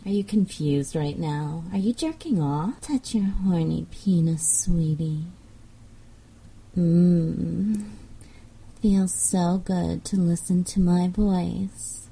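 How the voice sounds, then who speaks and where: A young woman leads a teasing hypnosis role-play in a very slow, coaxing manner. Her voice is husky and breathy, with a deep, mellow tone that sits a little low for a woman, and she lets soft laughs slip in. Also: rough recording. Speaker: audio role-play performer.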